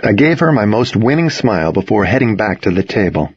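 A man narrating a first-person novel as an audiobook, in a measured storytelling manner. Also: on the low side, sing-song, slightly rough, no room sound, muffled recording.

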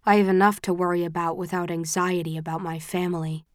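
This woman, narrating a first-person audiobook from a script, speaks in a lowish voice with an even, measured delivery. It's a dry recording of studio quality.

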